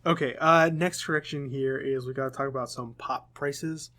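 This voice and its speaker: Young American guy, podcast co-host, casual rambler, mid-pitched, lots of ums. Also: fairly even intonation, normal speed, bright, forceful tone. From United States. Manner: rambling, self-correcting, frequent ums. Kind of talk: casual chat.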